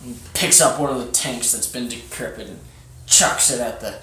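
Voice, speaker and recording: A man's voice: mid-range voice, fairly even intonation, normal speed, pushed and bright. Storyteller, male, hesitant improv narration, echoey room, faint hiss. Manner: hesitant, laughing asides. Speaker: podcast storyteller. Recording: roomy echo.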